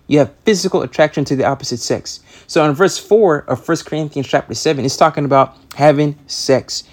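A man preaching a sermon, emphatic and repetitive, stumbling over restarts as he reads scripture aloud. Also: fairly high pitch. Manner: emphatic, repeats words and stammers on restarts; reads scripture in King James wording. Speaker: pastor.

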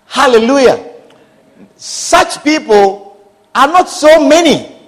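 A man's voice: extremely high pitch, lively intonation, slow pace, a bit bright. A man preaching a sermon with passion, repeating phrases and calling out hallelujah and amen. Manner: impassioned, repetitive, calls out hallelujah and amen.

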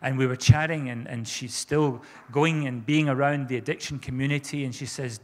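A man's voice: medium pitch, fairly even intonation, moderate pace, darkish tone, long reverb tail. A man preaching a sermon as pastor, fervent and repeating his phrases for emphasis.

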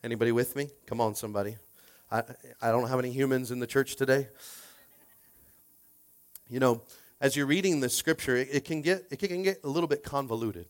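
A man delivers a sermon in an easy, talkative way, often restarting phrases and calling out to the congregation. He slips into quoted voices with shifts in pitch and loudness. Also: a little fast, pauses often. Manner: conversational, repeats words, coaxes the congregation. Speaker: pastor.

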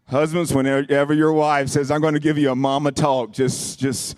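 A man's voice: medium pitch, fairly even intonation, normal speed, hardly any pauses, no echo. Impassioned male pastor, dry sound. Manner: impassioned, shouting and sing-song preaching that drops to asides. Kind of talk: sermon. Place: church.

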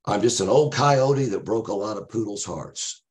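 A man's voice: on the low side, moderate pace, darkish tone, voice pushed up, close to an everyday voice. A man putting on the voice of his aged grandfather, a folksy drifter and hustler, in a raised, drawling voice. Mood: rueful.

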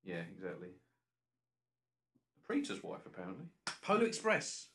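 A man's voice: sits low, huge pitch swings, normal speed, fairly bright tone. A man co-hosting a podcast, chatting casually in a jokey, rambling way. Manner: jokey, rambling, slips into silly voices. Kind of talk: casual chat.

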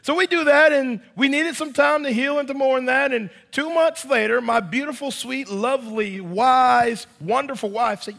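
A man's voice: extremely high pitch, moderate pace, vocal fry, hardly any pauses, fairly bright tone, big-room sound. A man in his thirties preaching a sermon in church, telling a story animatedly and addressing the congregation as y'all. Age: 30s. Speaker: pastor.

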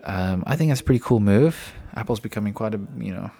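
A man's voice: lowish voice, animated, fast talker, vocal fry, warm tone, husky. A man hosting a casual solo podcast, rambling chattily from topic to topic with frequent fillers and restarts, recorded indoors at home. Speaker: podcast host.

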